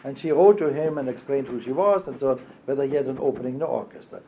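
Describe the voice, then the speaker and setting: Older male interviewee, middle pitch, halting and self-correcting; muffled lo-fi tape. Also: a little hiss or hum. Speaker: oral history interviewee. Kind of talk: reminiscing oral history interview. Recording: dull lo-fi archival tape.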